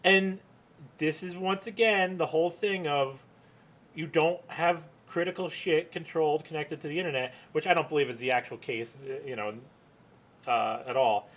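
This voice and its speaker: Male podcast co-host, chatty joker, bright, slightly high voice. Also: moderate pace. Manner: chatty, joking, laughs often. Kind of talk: casual chat.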